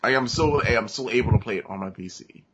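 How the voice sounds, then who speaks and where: A man co-hosting a casual gaming podcast, talking haltingly with a summer cold. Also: mid-range voice, noisy background. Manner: halting, many fillers and restarts. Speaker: podcast co-host.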